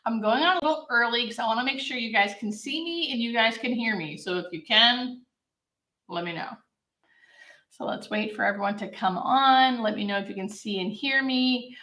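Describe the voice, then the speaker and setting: A woman's voice: fairly high pitch, normal speed, bright, forceful tone, roomy sound. A woman from Southern California, a hospice nurse, chatting upbeat on a live-stream Q&A and answering viewers' questions. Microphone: camera mic.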